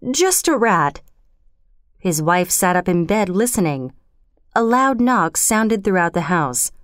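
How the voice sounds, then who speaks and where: Smooth-voiced woman narrating a story. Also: lowish voice, dry recording, clean studio sound. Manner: measured, steady storytelling. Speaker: audiobook narrator. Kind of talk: scripted narration.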